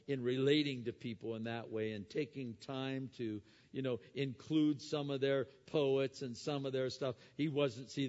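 A man preaching a sermon. He moves between quiet explanation and loud, emphatic preaching, and he asks the audience rhetorical questions. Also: mid-range voice. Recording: dull sound with long hall reverb.

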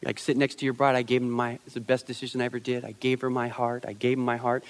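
A man's voice: medium pitch, fast talker, hardly any pauses, big-room sound. A man preaching a conversational sermon, acting out quotes in changing voices, with frequent restarts and repeated words. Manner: conversational, animated, acts out quotes with many restarts. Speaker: pastor.

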